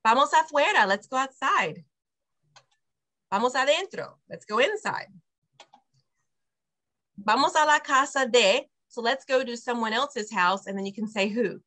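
A preschool director leads an online Spanish class for parents over a video call, explaining phrases step by step while the parents repeat after her. Her voice is fairly high, pushed and bright.

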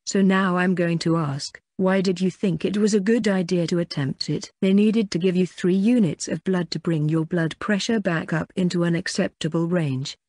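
A woman voicing a young adult man, a patient but scolding older brother, in an audiobook, speaking in a measured, chiding way. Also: on the low side, fairly even intonation, a little mellow, no echo, clean studio sound, natural voice. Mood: stern. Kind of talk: audiobook character reading.

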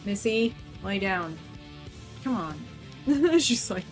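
A woman's voice: mid-range voice, sing-song, slow, long pauses, faint music behind. A woman streaming a video game, chatting casually, laughing often and coaxing her cat. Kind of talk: casual live-stream chat.

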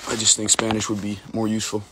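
A man's voice: fairly low pitch, completely flat delivery, fast, very noisy. A young man from the United States chatting casually on a livestream, rambling, joking and swearing while he reads comments. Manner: rambling, profane, filler-heavy, joking. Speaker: livestream host.

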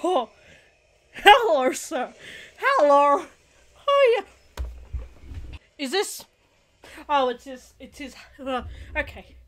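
A woman hosting her own channel, giving excited reaction commentary on a TV episode; she gasps and shouts often and keeps apologizing. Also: sits high, slow, long pauses.

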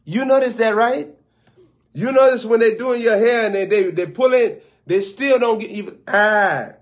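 A man preacher telling a comic, animated story, laughing often and acting out little scenes. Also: very high-pitched, normal speed. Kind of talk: comedic storytelling riff.

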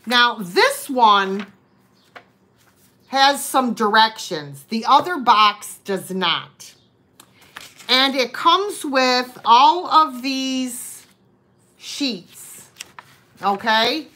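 A woman's voice: a little high, lively intonation, very slow, long pauses, bright, forceful tone. A woman hosting a live online vintage sale, chatting and greeting viewers by name as she shows each item. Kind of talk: live-stream sale chat.

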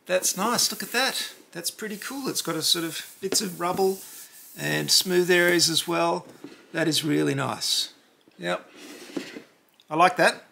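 Man, host, casual unboxing commentary, animated, playful mock outrage, big cheery outbursts. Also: sits high, measured pace, creaky, a little hiss or hum.

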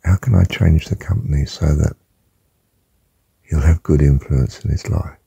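An older man speaks in a very deep, gravelly voice, unhurried and emphatic as he teaches on spiritual matters. He often sinks into a hushed, husky whisper. The sound is close and dry. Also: no echo. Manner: emphatic, slow and deliberate, drops to a hushed whisper. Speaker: religious teacher. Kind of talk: spiritual talk.

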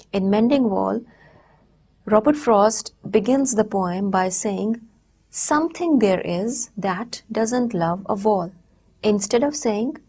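A woman giving a recorded university lecture, explaining step by step in a measured way with frequent pauses. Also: mid-range voice, mellow, husky.

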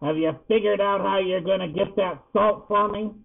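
A man's voice: sits high, steady tone, moderate pace, pitched above the performer's own voice, heavily acted. A man voicing a grumpy, demanding old male porcupine who grumbles his words. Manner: gruff, grumbling. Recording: tinny phone-like sound.

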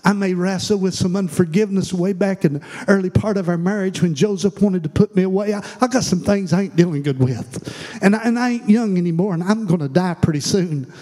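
A man's voice: high-pitched, fairly quick, mellow, long reverb tail, pitched below the performer's own voice, natural voice. A preacher voicing Mary, plain-spoken aging mother. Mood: weary. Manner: plain-spoken confession in rough everyday speech. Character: aging mother, troubled and humble, of Jesus. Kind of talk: sermon role-play.

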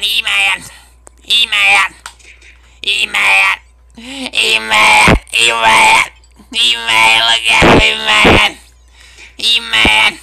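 A man's voice: fairly high pitch, vocal fry, noisy background. A man voicing a cackling, trash-talking old grandpa in an online game's voice chat, who jeers and repeats his taunts over and over. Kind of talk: trolling voice chat.

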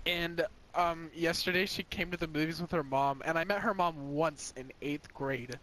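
A man's voice: fairly high pitch, moderate pace, slight background noise, low-quality recording. A young man chatting casually with a friend over voice chat while gaming, telling a story with lots of laughter and swearing. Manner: laughs often, animated storytelling, swears a lot.

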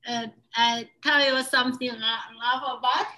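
A woman joining a laughter yoga video call, speaking halting non-native English and giggling. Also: on the high side, steady tone, sharp tone. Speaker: participant. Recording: roomy, distant, faint noise.

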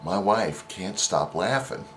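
A man's voice: deep voice, slow, fairly bright tone, a little hiss or hum. A man vlogger casually telling an anecdote in a rambling way, with many fillers and restarts. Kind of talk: casual storytelling.

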